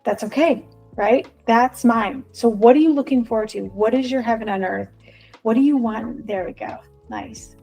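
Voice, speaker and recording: A woman leading a group through a guided visualization, speaking in gentle, repetitive, inviting prompts. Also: a little high, big pitch swings, moderate pace, slightly rough, faint music behind. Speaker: spiritual workshop leader.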